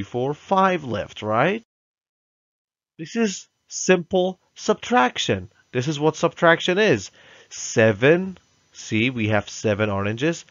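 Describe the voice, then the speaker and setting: Slow, patient male math teacher. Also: medium pitch, a bit bright, no echo. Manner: slow, patient, coaxing with frequent "right?" checks; drills pronunciation, having children repeat words. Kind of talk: recorded classroom lesson for young children. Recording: dull, dry lo-fi recording.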